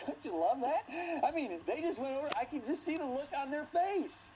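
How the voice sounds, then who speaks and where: Lively, playful Bible teacher. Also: high-pitched, moderate pace, a little hiss or hum, low-quality recording. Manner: playful, acts out scenes, laughs often. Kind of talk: animated classroom storytelling.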